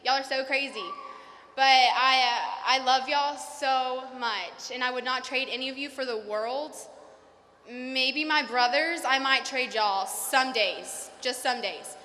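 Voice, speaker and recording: Young woman, nervous graduation speaker, high and bright, long hall echo. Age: young adult. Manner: nervous, fast, many fillers. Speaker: salutatorian giving a graduation speech. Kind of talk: graduation speech. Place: large hall. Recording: reverberant hall.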